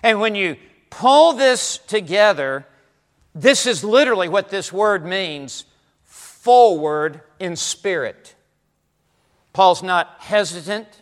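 A man's voice: high voice, a bit bright. Emphatic preacher man in an echoing hall. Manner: emphatic, builds to fired-up peaks, frequent restarts. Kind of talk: expository sermon. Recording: long hall reverb.

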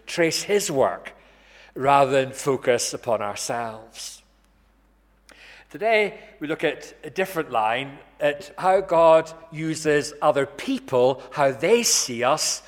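Guy preaching a sermon, earnest and measured, church hall echo. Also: medium pitch. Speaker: pastor. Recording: long reverb in a church hall.

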